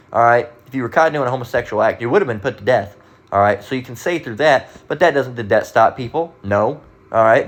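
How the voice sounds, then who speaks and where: Male street-style Bible teacher, blunt and profane, reads verses slowly and pointedly. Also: medium pitch. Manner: emphatic, profane, keeps asking "all right?"; reads scripture slowly, stressing words. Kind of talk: casual bible lesson.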